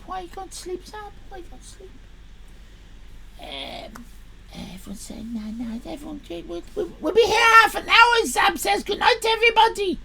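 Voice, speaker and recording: A woman's voice: very high voice, big pitch swings, moderate pace, creaky, sharp tone, slight background noise, poor audio. Sweary sarcastic woman streamer. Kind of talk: live game stream with read-aloud text.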